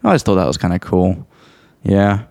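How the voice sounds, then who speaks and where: A young man hosting a podcast about learning English, telling a story in a casual, animated way and laughing often. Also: low-pitched, normal speed, creaky, dry recording, clean studio sound. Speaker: podcast host and English teacher.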